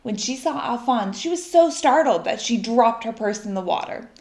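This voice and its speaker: A woman reading a children's story aloud in an expressive, lively way. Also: on the high side, normal speed. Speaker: storybook reader. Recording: echoey room.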